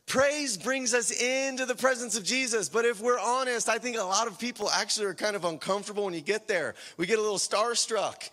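High-voiced man preaching in a reverberant church. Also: brisk, hardly any pauses. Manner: dynamic, swings from shouting to hushed whispers. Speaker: pastor. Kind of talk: sermon.

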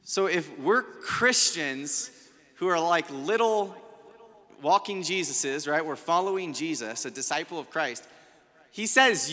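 A man's voice: on the high side, lively intonation, a little slow, sharp tone, in a large hall. A man preaching to a room of people in a loose, conversational way, acting out the voices he quotes. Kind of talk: conversational sermon to a live room. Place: large room with a congregation.

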